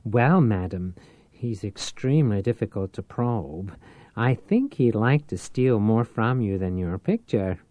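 A man voicing a fussy male social secretary who lisps and speaks in a discreet, formal hush. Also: fairly low pitch, big pitch swings, a little slow, no room sound. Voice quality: lisp, hushed whisper.

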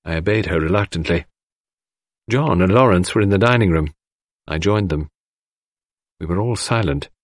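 A man reading an audiobook aloud with expressive, measured narration on a close mic. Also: low-pitched, no room sound. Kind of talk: scripted narration.

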